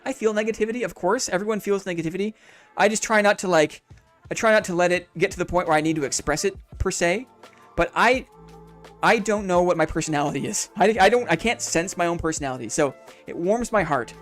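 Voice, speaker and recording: Upbeat high-voiced male game streamer. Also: fast talker, fairly bright tone, faint music behind. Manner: upbeat, reflective, chatty. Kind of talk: casual live-stream chat.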